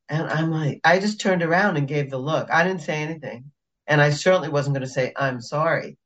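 Emphatic woman facilitator, dull recording. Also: sits low. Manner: emphatic, exasperated about pet peeves. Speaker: podcast co-host, facilitator. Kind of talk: casual chat.

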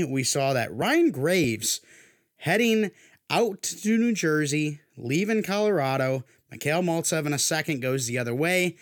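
Young male sports podcast host, worn-down voice, casual and jokey. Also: a little high. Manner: loose, joking, pushes himself to sound hyped.

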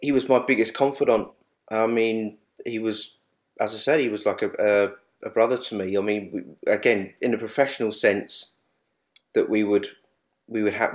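A man in speedway journalism, sharing memories of a late colleague in a halting, repetitive way, often restarting sentences. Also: on the low side. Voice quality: halting, many restarts and repeats. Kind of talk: emotional tribute reminiscence.

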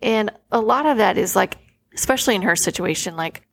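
Speaking briskly with lively intonation and a creaky edge, a forties-aged woman hosting a podcast tells personal stories in casual conversation. Her delivery is earnest and emotional, packed with "like."

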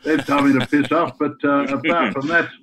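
A man's voice: a little high, steady tone, brisk, noisy background. Older Australian man spouting florid sayings. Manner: florid, full of sayings and big words. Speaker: guest. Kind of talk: casual chat on a phone line.

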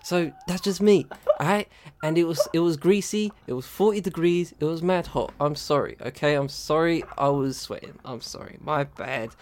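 A woman's voice: sits low, moderate pace, hardly any pauses, darkish tone, a little hiss or hum. A woman co-hosting a podcast, joking defensively in casual banter full of slang and swearing. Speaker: podcast co-host.

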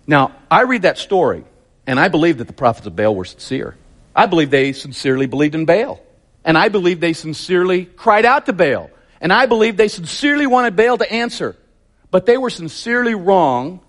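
A man's voice: on the high side, animated, a little fast. A man preaching a sermon, telling the story vividly and emphatically with lots of repetition.

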